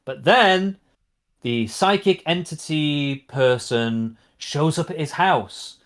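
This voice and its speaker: A man co-hosting a relaxed podcast chat, his voice sitting a little higher than most men's. He tells the story in a loose, animated ramble with plenty of "um" and "like". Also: slow pace. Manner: rambling, animated plot retelling with many fillers. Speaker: podcast co-host. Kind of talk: casual chat.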